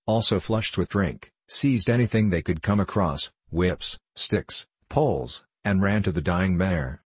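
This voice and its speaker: A man reads a classic novel in a measured, steady way, his voice very low and husky. The recording is close and dry, with almost no room sound. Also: dry recording. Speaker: audiobook narrator. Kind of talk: scripted narration of a classic novel.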